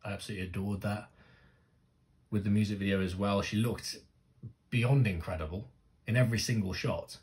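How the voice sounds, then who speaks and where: Excitable man with a low voice. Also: a little fast, pauses often. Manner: excitable and gushing, swears freely, bursts into loud exclamations. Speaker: music reaction host. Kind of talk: casual music reaction commentary.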